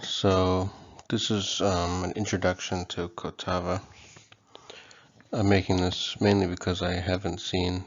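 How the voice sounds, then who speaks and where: A man giving a casual online language lesson, relaxed and hesitant, with frequent ums and okays. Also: sits low, vocal fry, muffled recording. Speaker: language teacher.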